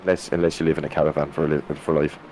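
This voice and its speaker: An Irish man with a very deep, dark, mellow voice co-hosts a live racing stream. His humour is crude, blunt and sardonic, and a faint ambient hum sits under his talk. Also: little pitch movement, rapid-fire. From Ireland. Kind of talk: casual banter.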